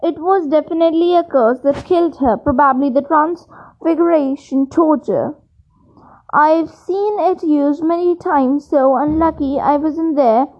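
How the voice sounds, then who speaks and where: A boastful, vain show-off of a man, rattling off his claims in a quick, high voice, as a woman reading a storybook puts him on. The sound is dull and lo-fi.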